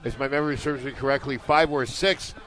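A man co-hosting a wrestling talk show, telling rambling, playful stories in casual chat. His voice sits in a middle pitch. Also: steady tone, fast, a bit bright. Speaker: wrestling podcast co-host.

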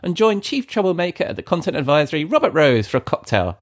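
A man's voice: on the high side, big pitch swings, fast talker. A man hosting a podcast in casual, jokey chat, laughing often and calling his co-host mate.

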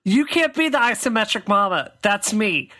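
A woman's voice: mid-range voice, very animated, normal speed. A woman co-hosting a podcast, playful and theatrical in casual chat over a call. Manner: playful, theatrical, bursts of loud laughter. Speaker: podcast co-host.

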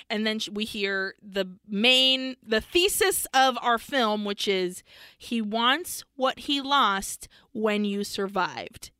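A woman's voice: on the high side, sing-song, slow, bright, forceful tone, smooth, no room sound. A woman co-hosting a podcast, retelling a film's plot in casual chat, swearing freely and laughing as she goes. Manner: swears often and laughs while telling the plot. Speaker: podcast co-host. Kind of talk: casual film recap chat.

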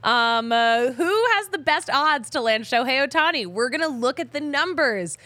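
A woman's voice: sits high, lively intonation, normal speed, sharp tone, dry recording. A woman from Philadelphia hosting a sports podcast, chatting casually and joking, with the odd swear word. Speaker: podcast host. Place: podcast studio.

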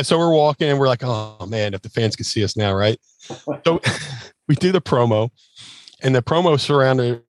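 A man's voice: mid-range voice, no echo. Rambling male storyteller, dry close sound. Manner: animated storyteller, acts out quotes in shifting voices; loose, rambling with fillers and restarts. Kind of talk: casual anecdote telling.

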